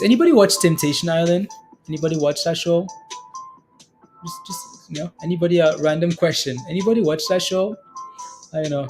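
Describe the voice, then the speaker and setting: Young male streamer, high voice, rambling casual chat with lots of laughs and fillers. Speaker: livestream stock trading host. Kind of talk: casual livestream chat reading viewer comments.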